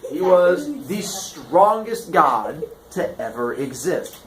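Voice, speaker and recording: This comic storytelling lesson has a man retelling ancient myths for laughs, lively and joking as he slips into goofy character voices. His pitch sits fairly high and he takes his time, while a crowd murmurs behind him in an echoey space.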